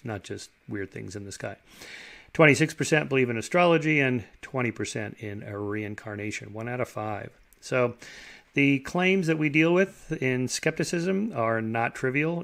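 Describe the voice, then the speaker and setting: A man in his sixties giving a lecture, explaining in a measured way and reading through figures. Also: mid-range voice, fairly bright tone.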